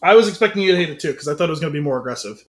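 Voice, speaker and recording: A man's voice: a little high, expressive, very fast. A man co-hosting a casual podcast, joking and rambling through a beer tasting with wordplay. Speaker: podcast co-host.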